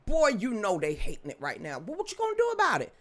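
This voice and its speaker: A woman's voice: mid-range voice, wildly swooping pitch, fast, a bit bright. A middle-aged woman hosts a live-streamed commentary show. Her voice swings widely up and down as she gloats and mocks, and she slips into sing-song chants along the way. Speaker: host.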